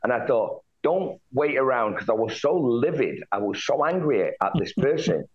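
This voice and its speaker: A man from the United Kingdom, a guest telling a story in an interview, acting out quoted lines with lively jumps in his voice. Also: normal speed. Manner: animated retelling, jumps high for quoted lines. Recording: dull lo-fi line.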